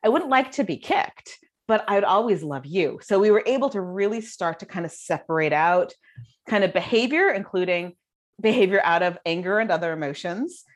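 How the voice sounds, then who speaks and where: Animated woman telling parenting stories. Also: medium pitch, fairly quick. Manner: animated storytelling with many fillers. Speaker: guest, child development author. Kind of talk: casual interview chat.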